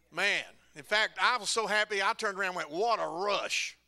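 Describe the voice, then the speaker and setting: A man's voice: sits high, moderate pace, sharp tone. A man preaching a testimony, telling folksy stories and laughing at himself. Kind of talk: testimony sermon. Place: church sanctuary.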